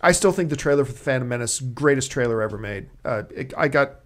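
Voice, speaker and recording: A young adult man hosting a movie talk show in casual chat, telling stories in an excitable, animated way. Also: mid-range voice, fast talker.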